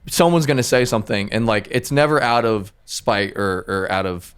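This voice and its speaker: A man with a fairly low voice, chatting as a music producer on a podcast. He talks loosely and rambles, circling back through his thoughts with plenty of fillers along the way. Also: normal speed, fairly bright tone, smooth. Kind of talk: casual podcast chat.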